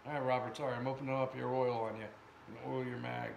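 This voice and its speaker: Gravelly man joking in a workshop. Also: mid-range voice, flat delivery, quick pace. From America. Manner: chatty, joking asides to viewers. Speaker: shop owner testing air guns on camera. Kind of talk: casual workshop vlog. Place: indoor workshop. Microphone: camera set far away. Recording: echoey room, background noise.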